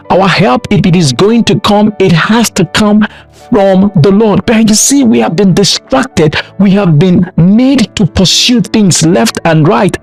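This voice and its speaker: A man's voice: high-pitched, a little mellow. A man from Nigeria preaching a sermon with emphatic repeated refrains. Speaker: pastor.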